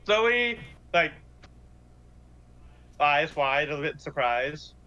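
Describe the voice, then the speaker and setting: A man's voice: fairly high pitch, lively intonation, drawn-out words, sharp tone. A man playing a tabletop game, chatting casually and thoughtfully over a voice call. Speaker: player. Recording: muffled online call audio.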